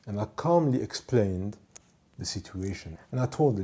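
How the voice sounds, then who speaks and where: A man telling a story from his work as a ship's doctor and department head, in a measured, emphatic way that repeats points for stress. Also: on the low side, expressive, mellow, breathy edge. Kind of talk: storytelling monologue.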